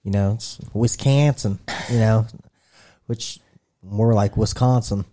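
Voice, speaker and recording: A man's voice: fairly low pitch, takes it slowly, dark tone. A man from Indiana in casual podcast chat, rambling, swearing casually and laughing often.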